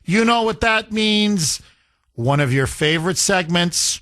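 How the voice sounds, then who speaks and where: A man hosting talk radio, telling a story in an animated way into a studio microphone. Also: high voice, measured pace, dry recording.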